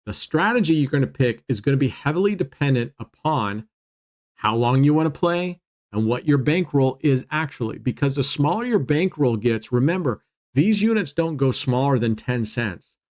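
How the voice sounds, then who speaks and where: A man's voice: mid-range voice, animated, normal speed, darkish tone. A man hosting a casual gambling walkthrough from home, talking chattily and cheering and laughing when bets land. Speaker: casino strategy channel host.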